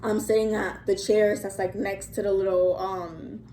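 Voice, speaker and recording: Young woman chatty storytime vlog, lots of like and um, swears some, mellow tone, roomy echo. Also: mid-range voice, level tone, normal speed, slight background noise. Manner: rambling, chatty, many fillers and "like"s, profane. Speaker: vlogger. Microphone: phone. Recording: echoey room, faint ambience.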